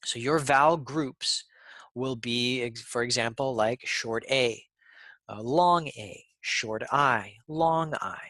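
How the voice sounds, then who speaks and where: A man teaching a pronunciation lesson, speaking deliberately and repeating sounds for learners. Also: mid-range voice, bright, forceful tone, no room sound.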